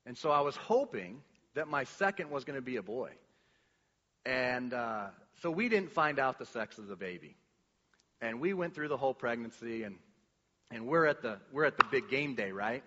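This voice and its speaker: A man telling a personal story to a congregation, rambling and animated, with many restarts and fillers, acting out the lines he quotes. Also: medium pitch, normal speed. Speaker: church speaker sharing a testimony. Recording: dull recording with long hall reverb.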